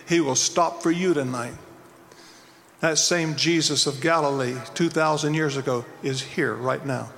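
Bright-voiced preacher in an echoing hall. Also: male voice, fairly high pitch, fairly even intonation, normal speed, creaky. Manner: dramatic, retells the story with acted-out quotes. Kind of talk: evangelistic sermon. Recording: long hall reverb, faint background noise.

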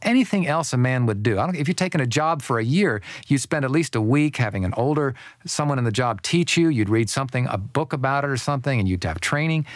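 An older Christian speaker on men and marriage gives a storytelling guest talk, animatedly acting out the voices of people he quotes. His mid-range voice moves fast, and the recording is dry and studio quality.

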